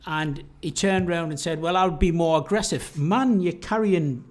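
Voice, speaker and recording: A man's voice: fairly high pitch, moderate pace. A man co-hosting a boxing podcast, talking casually and often trailing off and restarting mid-thought. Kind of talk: casual debate.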